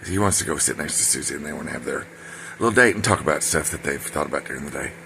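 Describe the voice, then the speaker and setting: Gravelly, bright-voiced older man telling stories. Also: rumbling low, expressive, fast, a little hiss or hum. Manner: digressive, full of ums and self-corrections. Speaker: storyteller. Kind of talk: rambling personal storytelling.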